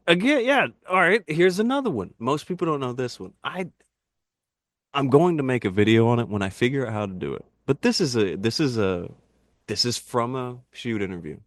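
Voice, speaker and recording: A man in casual podcast chat, telling animated, rambling wrestling anecdotes and laughing at his own jokes. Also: mid-range voice, normal speed, no room sound, studio quality. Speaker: podcast guest, wrestling YouTuber.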